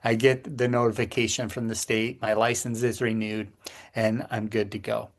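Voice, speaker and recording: A middle-aged man, a podcast co-host, telling a personal story in casual chat, earnest and halting with frequent restarts. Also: lowish voice, little pitch movement.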